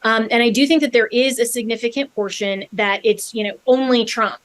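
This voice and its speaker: A woman in her thirties hosts a political talk show, her voice pitched a little high. She talks earnestly and steadily, working through points with fillers and restarts. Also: fairly even intonation, brisk. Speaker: host.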